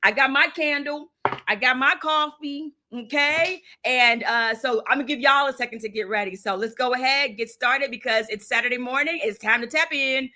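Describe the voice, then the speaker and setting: A woman hosting a livestream talk show, loud and energetic, with a sing-song, preacherly way of talking. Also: high-pitched, normal speed. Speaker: host. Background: hip hop music.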